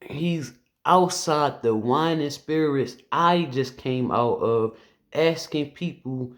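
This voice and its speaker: A man's voice: medium pitch, animated, slow, a bit bright. A man who works as a police officer, telling a personal story to camera in an earnest, conversational way with loose phrasing and restarts.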